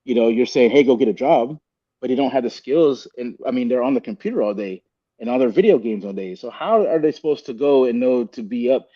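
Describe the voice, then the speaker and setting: A man's voice: mid-range voice, animated, brisk. Guy on a podcast talking earnest and rambly, keeps saying man, dull lo-fi sound. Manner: earnest, rambling, peppers speech with "man" and "bro". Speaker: guest. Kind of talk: candid podcast conversation.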